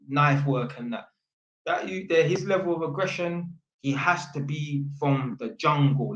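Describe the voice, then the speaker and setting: A man's voice: a little high, highs cut off. A man, an electrician telling a long, slangy, rambling story for his vlog, full of fillers and restarts. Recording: roomy echo.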